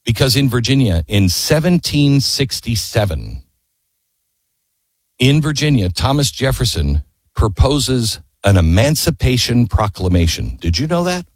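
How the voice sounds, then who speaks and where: Male history storyteller, husky, lively delivery, passionate and emphatic, dry close sound. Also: mid-range voice, unhurried, dry recording. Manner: impassioned, emphatic, rhetorical questions. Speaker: history commentator.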